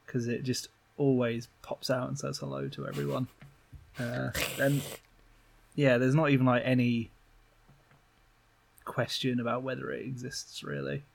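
A man co-hosting a podcast, chatting casually about a film with many fillers and pauses. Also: medium pitch, creaky, a little hiss or hum. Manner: relaxed, hesitant, lots of fillers. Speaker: podcast co-host. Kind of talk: casual film review chat.

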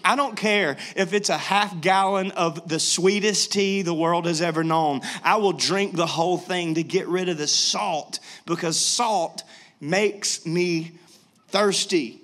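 A young man preaching a sermon in a jokey, lively storytelling way. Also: high voice. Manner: jokey, animated, laughs often. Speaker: pastor.

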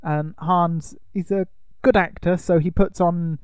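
A man's voice: high-pitched, steady tone, unhurried, a little mellow, clear, resonant tone, no echo, studio quality. A man co-hosting a podcast, retelling a film's plot in casual chat with jokes and laughs. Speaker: podcast co-host.

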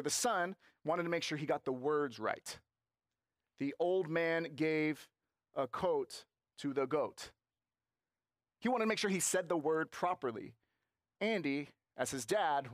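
Male pastor, sermon delivery, slightly raised pitch, dry room, slow emphatic stresses. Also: no echo. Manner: emphatic preaching with slow stressed phrases and acted-out quotes.

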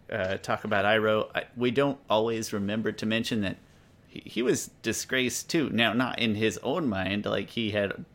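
A man with a fairly low voice chimes in during a casual chat about a show. He mixes playful asides with slower, thoughtful points, dotted with "um" and "uh.". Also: a bit bright. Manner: playful, then thoughtful, with fillers.

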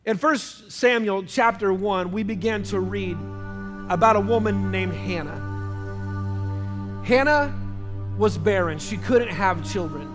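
Emphatic high-voiced male preacher. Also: a little slow, long pauses, fairly bright tone, faint music behind. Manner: emphatic, calls out questions to the congregation. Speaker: pastor. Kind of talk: sermon.

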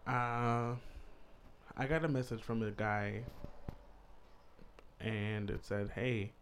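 A man's voice: lowish voice, steady tone, takes it slowly, fairly bright tone, slight background noise. A young man telling a story in a casual vlog, blunt and crude, with jokes.

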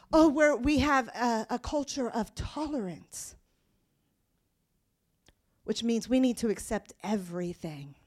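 A high-pitched woman delivers a sermon. She speaks emphatically, pressing her key points with forceful declarations, and drops to a quicker, softer voice when reading scripture aloud. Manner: reads scripture aloud in a quieter, faster voice. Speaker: preacher.

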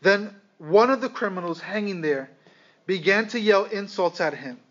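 A man preaching a sermon, speaking with dramatic pauses and calling his listeners "guys". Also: high-pitched, fairly bright tone. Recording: slightly dull lo-fi sound.

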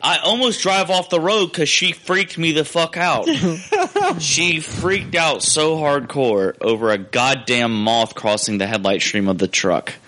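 A young man in casual chat, telling a story with lively, profane energy. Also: a little high, a little slow.

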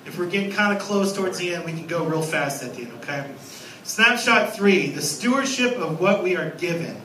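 A man in his thirties preaching a sermon as a guest pastor, lively and storytelling, acting out little scenes. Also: high-pitched, fairly quick, reverberant, recorded from a distance, slight background noise, rough recording. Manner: animated, acts out scenes with a raised voice. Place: church sanctuary.

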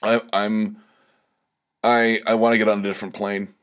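A man's voice: on the low side, little pitch movement, moderate pace, fairly bright tone, clean tone. A young man hosting his own podcast alone, rambling and swearing, tipsy and stammering as he gets worked up. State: slightly tipsy from drinking shots. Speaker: podcast host. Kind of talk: casual solo podcast monologue.

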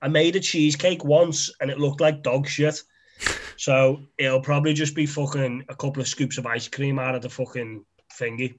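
A man's voice: mid-range voice, fairly even intonation, normal speed. A man, a podcast co-host trading sweary, mocking banter in casual chat.

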